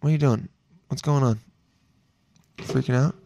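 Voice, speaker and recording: A man's voice: mid-range voice, moderate pace, dark tone, a little hiss or hum. A young man co-hosting a casual comedy podcast, blunt and teasing, swearing often. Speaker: podcast co-host.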